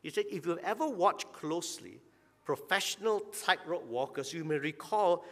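A male pastor giving a conversational sermon in a church, putting rhetorical questions to the congregation and often clearing his throat. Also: a little high, animated, moderate pace, fairly bright tone. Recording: long church-hall reverb.

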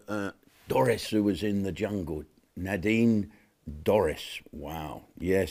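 Brash man, loud comic rant. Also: low-pitched. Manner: brash, mocking, swings from loud to muttered asides. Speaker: comedian hosting his own channel. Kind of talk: comic monologue to camera.

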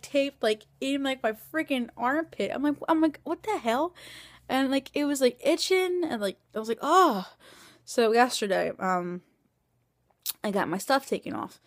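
Young woman, chatty vlogger, rambling storytelling, lots of fillers, somewhat high voice, dry close sound. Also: no echo. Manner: chatty, rambling, full of filler words, acts out voices in retelling. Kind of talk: casual storytelling.

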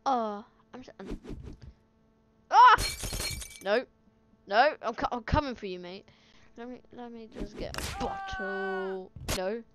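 A woman with a high voice that leaps around wildly calls out her let's play commentary, excitable and chattering at the game. She talks slowly between bursts. Game sound effects and clear noise sit behind her. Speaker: gaming video host. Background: video game sound effects.

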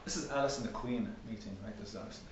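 A lecturer presents at an academic workshop in a seminar room, chatting conversationally and raising rhetorical questions. He speaks at medium pitch in rapid-fire bursts, captured from a distance in a very echoey, dull-sounding room with slight background noise.

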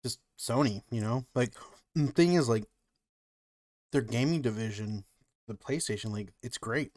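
Unhurried and a little mellow at medium pitch, this podcast co-host rambles through casual conversation, peppering it with "like" and "you know." The studio-quality recording has no echo.

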